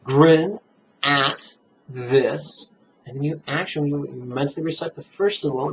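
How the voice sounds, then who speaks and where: A man teaching meditation in a relaxed, playful dharma talk, chuckling at his own jokes and guiding listeners step by step through the breath. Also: on the high side, vocal fry, a little hiss or hum. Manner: guides listeners slowly through breathing steps. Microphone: camera mic, self-filmed. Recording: dull, muffled camera audio.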